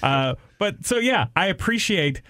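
A man's voice: sits high, expressive, measured pace, pushed and bright, no echo, clean studio sound. A man co-hosting a show, bantering casually in a sarcastic, mock-aggrieved way, rambling with frequent restarts. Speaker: radio show co-host.

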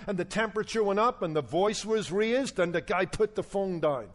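High-voiced preacher telling a story. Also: male voice, lively intonation, normal speed, hardly any pauses. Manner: storytelling preacher, acts out dialogue in his story. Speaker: Bible teacher. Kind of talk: radio sermon.

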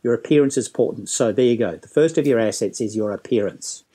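Animated storyteller man. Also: mid-range voice, quick pace, slightly rough. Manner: animated storyteller, acting out quotes. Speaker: guest, business trainer. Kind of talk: casual interview talk.

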